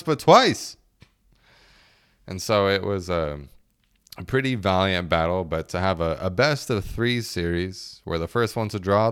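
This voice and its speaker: A man in his late twenties talks through a casual solo podcast with a low, deep voice that stays smooth and resonant. He rambles from one joke to the next, swears freely and laughs often between thoughts. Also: fairly bright tone. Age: late 20s. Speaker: podcast host.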